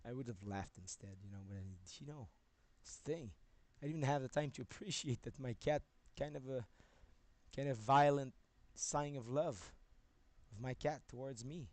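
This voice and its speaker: A man's voice: moderate pace, dry recording. Male streamer, rambling casual storyteller who laughs and swears a lot. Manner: rambling, repeats himself, laughs often, swears; grows loud and high-pitched when excited.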